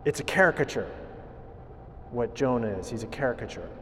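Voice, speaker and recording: A man preaching a homily in a relaxed, conversational way, often halting and restarting his phrases, in a church. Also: mid-range voice, big-room sound, slight background noise. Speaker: priest.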